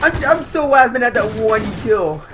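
A woman chatting during a game session who keeps breaking into loud, squealing fits of laughter. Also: on the high side, big pitch swings, normal speed, over music. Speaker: gamer recording a play session. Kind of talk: casual gameplay chat.

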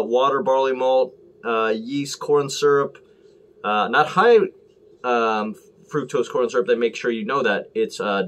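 A man hosting a casual beer review vlog, rambling and joking with frequent restarts. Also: medium pitch. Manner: rambling, jokey, fumbles and restarts often. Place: Los Angeles area.

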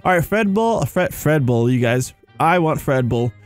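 A young man giving casual, rambling commentary on his game, excitable and tired, with faint music behind him. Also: fairly high pitch, unhurried, smooth, no echo. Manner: excitable, rambling, says "dude" and "you guys". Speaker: gaming YouTuber.

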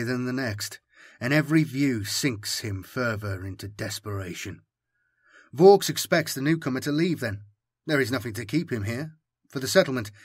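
Husky-voiced male audiobook narrator. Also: medium pitch, no echo, studio quality.

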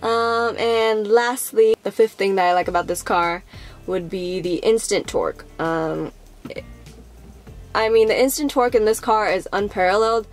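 A woman's voice: mid-range voice, moderate pace, faint music behind. A young woman vlogging casually to the camera, rambling with lots of fillers and acting out how people reacted.

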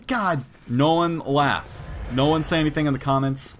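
A young man giving casual, excitable commentary while playing a game, swearing and yelping during fights. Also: fairly high pitch, normal speed, slight background noise. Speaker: gaming let's-play host.

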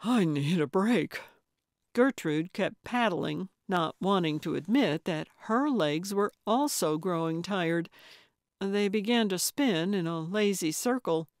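A woman narrating a cozy mystery audiobook in a measured, even storytelling voice. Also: on the low side, dry recording. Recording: dry close studio recording.

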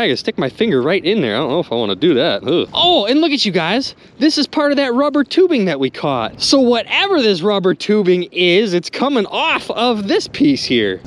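A man vlogging from a small boat on a river outdoors, talking excitedly to viewers with loud exclamations and lots of "dude" and "you guys". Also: high voice, a little hiss or hum. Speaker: magnet fishing vlogger. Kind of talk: excited outdoor vlog commentary.

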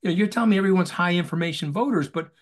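A man speaks as an interview guest over a video call, his voice set a little high for a man. He talks in an emphatic, rhetorical way and keeps hammering his points home with repeated phrases. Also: racing. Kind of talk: animated interview talk.

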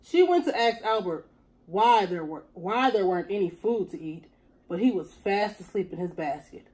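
A woman teacher reading a picture book aloud to young children in an expressive storytelling voice. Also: mid-range voice, normal speed, rough recording.

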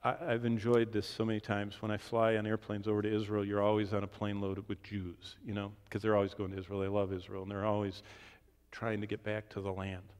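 A man teaching the Bible in a question-and-answer session, swinging from emphatic declarations to hushed asides. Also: on the low side, monotone, brisk, clean tone. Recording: long reverb of a large hall.

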